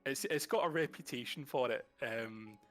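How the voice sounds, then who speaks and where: A young man with a light Glasgow accent talks loosely, full of ums and restarts as he tells stories. His pitch sits right in the middle for a man, and a faint bit of music plays under the chat. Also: moderate pace, fairly bright tone. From Scotland. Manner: joking, rambling with fillers. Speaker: interview guest. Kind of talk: casual chat.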